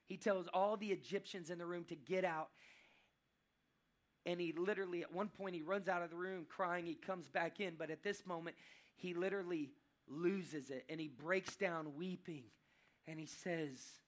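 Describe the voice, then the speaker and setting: A man preaching a sermon, telling a story dramatically and swinging between loud and hushed passages. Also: high voice, a little fast.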